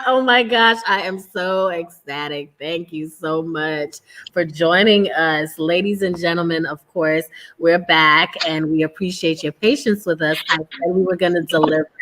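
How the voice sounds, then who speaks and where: A woman's voice: lowish voice, a bit bright. A woman hosting a casual interview chat, effusive and gushing. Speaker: host.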